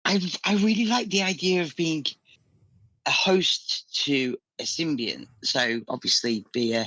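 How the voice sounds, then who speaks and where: A woman's voice: deep voice, expressive, unhurried, a bit bright, no echo. A woman on a podcast panel, chatting casually, playful and hesitant as she thinks aloud.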